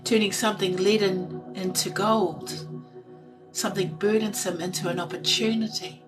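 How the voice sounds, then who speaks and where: Soft-spoken woman giving a card reading. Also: medium pitch, fairly even intonation, far from the mic, over music, low-quality recording. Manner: soft, slow and meditative, reading card text aloud. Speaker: intuitive card reader. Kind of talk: live tarot-style card reading.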